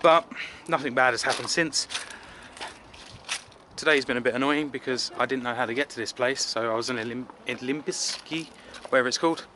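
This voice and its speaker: Chatty English man, bright voice. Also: medium pitch, fairly even intonation, a little fast, a little hiss or hum. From England. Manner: chatty, rambling, self-deprecating with filler words. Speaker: travel vlogger. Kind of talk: casual rambling travel vlog. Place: outdoors in a city.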